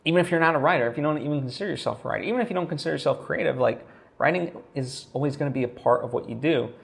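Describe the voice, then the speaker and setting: A man's voice: on the high side, rapid-fire, creaky. A man talking straight to camera in a casual vlog, thinking aloud with lots of fillers and restarts. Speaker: vlogger.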